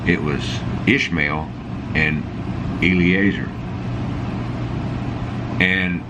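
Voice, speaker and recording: A man's voice: sits low, fairly even intonation, very slow. A man giving a casual, folksy Bible study talk, chatting and chuckling between his points. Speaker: Bible teacher. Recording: loud air-conditioning hum behind voice. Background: air conditioning noise.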